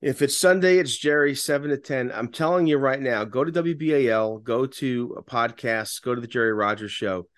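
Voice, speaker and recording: Male talk host, fervent, repeats himself mid-sentence, average pitch, dry close sound. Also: moderate pace, hardly any pauses, dry recording. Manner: repetitive restarts, impassioned. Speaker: radio talk show host. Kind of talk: podcast political talk.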